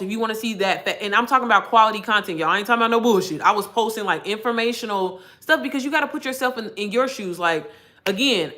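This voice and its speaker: A woman's voice: medium pitch, bright, forceful tone. A woman mentoring in digital marketing, talking candidly and casually to her livestream viewers, cussing freely and calling them y'all.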